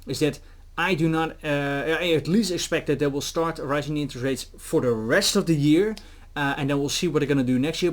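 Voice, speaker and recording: A man giving casual crypto market commentary, animated, with many fillers and restarts, sometimes acting out officials. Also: a little high.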